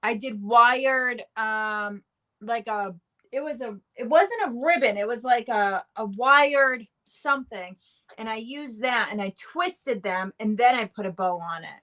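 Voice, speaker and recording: A woman with a Boston accent, a guest chatting casually, relaxed and often pausing or trailing off mid-thought. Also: a little high. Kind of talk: casual chat.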